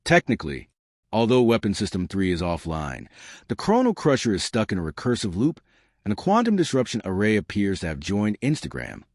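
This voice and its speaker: A man's voice: on the low side, wildly swooping pitch, a little fast, darkish tone, dry recording, clean studio sound, exaggerated voice. A man voicing a nervous male alien aide who reports in a hesitant, apologetic way. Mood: sheepish.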